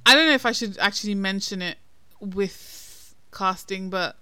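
A woman's voice: mid-range voice, moderate pace, bright, forceful tone, clear, resonant tone, no echo. A woman co-hosting a casual film-review podcast, talking in a chatty, hesitant way with many ums and restarts. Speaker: podcast co-host.

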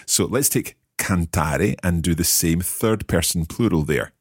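British man, deep husky voice, patient lesson host, dry studio sound. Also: lively intonation, a little slow, no echo. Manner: patient, guiding, wry puns. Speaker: language course host. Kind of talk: podcast language lesson.

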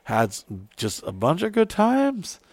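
A man's voice: high-pitched, huge pitch swings, unhurried, darkish tone, no room sound. A man telling a long, crude story in a casual, rambling way, swearing freely and restarting his sentences often. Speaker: podcast co-host telling a story.

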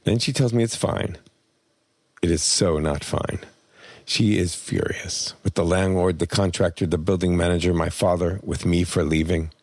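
A man reading a personal memoir aloud in plain, measured first-person storytelling. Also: sits low, fairly even intonation, a little mellow, no echo. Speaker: memoir narrator.

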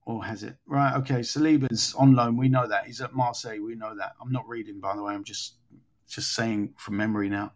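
A man's voice: fairly low pitch, fairly even intonation, fairly quick. A man hosting a casual podcast chat, rambling and thinking aloud as he goes. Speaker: podcast host.

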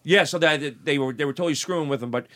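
A man's voice: fairly high pitch, fast talker, a bit bright. A man hosting a casual talk show, telling a story in a rambling way full of fillers and restarts. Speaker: podcast host.

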